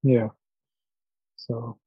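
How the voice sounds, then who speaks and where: Co-hosting a laid-back podcast conversation, this man speaks very slowly and hesitantly, leaning on fillers and letting sentences trail off. The recording is dry and comes through a dull, lo-fi microphone.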